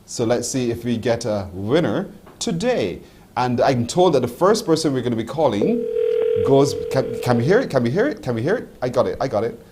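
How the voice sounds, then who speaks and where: A man's voice: medium pitch, very animated, brisk, a little mellow, slight background noise. Playful Barbadian male morning show host. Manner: playful, laughs a lot, teasing. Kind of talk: lively live-show chat with a caller.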